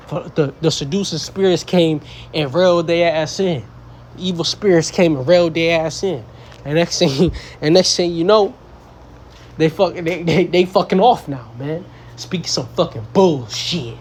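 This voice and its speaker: A man's voice: a little high, slight background noise. Young man preaching bluntly with profanity. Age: young adult. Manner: blunt, profane, mocks foolish people in voices. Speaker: street preacher. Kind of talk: casual profane scripture teaching.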